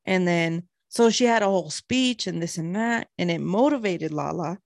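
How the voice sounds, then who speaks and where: Young woman, podcast co-host, casual chat, giggly rambling, gravelly voice, dry close sound. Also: lowish voice, moderate pace, no room sound. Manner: giggly, rambling storyteller who laughs often.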